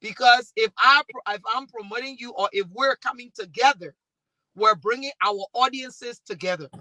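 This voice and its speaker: A woman with a Liberian accent, speaking on a discussion panel and telling stories in a lively way with many restarts. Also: fairly high pitch, normal speed, dry recording, poor audio. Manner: animated storytelling with restarts. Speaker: talk show host and panelist.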